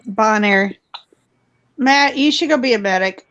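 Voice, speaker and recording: Slow-talking teasing woman. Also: a little high, highs cut off, a crowd in the background. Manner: teasing, blunt. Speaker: group voice chat member. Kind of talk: casual chat.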